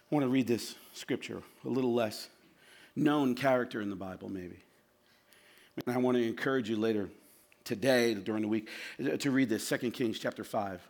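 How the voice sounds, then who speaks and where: A male pastor preaching a sermon with passion, swinging from loud shouted lines to low, quiet asides. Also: normal speed.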